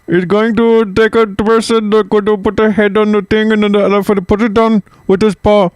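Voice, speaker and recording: A man's voice: little pitch movement, fairly quick, clear, resonant tone, dry recording, lightly acted. A man voicing a cheerful male storyteller in a put-on Indian accent, with a bouncy, playful delivery. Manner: high, bouncy, playful caricature.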